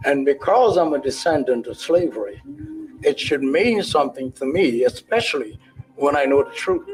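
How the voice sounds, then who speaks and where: A man's voice: mid-range voice, lively intonation, normal speed, faint music behind, rough recording. A man answering an interview question, explaining his view step by step.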